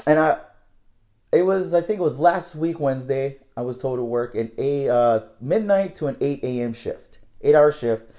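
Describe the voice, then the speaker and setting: A man's voice: medium pitch, expressive, moderate pace, dark tone. A young man telling a casual, candid story about his night-shift work, rambling and swearing freely.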